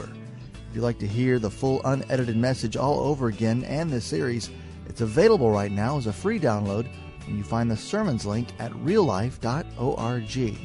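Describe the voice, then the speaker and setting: A man reading a scripted radio outro in a smooth, even announcing voice. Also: mid-range voice.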